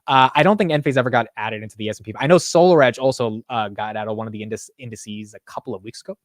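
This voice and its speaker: A man's voice: medium pitch, quick pace, no room sound, clean studio sound. A man hosting a live stock market show in casual commentary, rambling and blunt with casual swearing.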